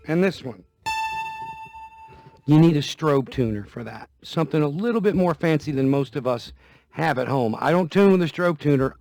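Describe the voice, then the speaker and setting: A man's voice: fairly high pitch, a little mellow, no room sound. Folksy man talking guitars. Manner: conversational, folksy, repeats himself. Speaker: guitar vlogger. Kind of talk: casual demonstration talk. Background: guitar playing.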